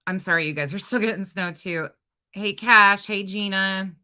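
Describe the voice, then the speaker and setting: Bright-voiced woman hosting a chatty livestream. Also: mid-range voice, normal speed, smooth. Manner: chatty, greets viewers and reads their comments aloud; energetic and expressive. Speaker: true crime livestream host. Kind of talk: casual livestream chat.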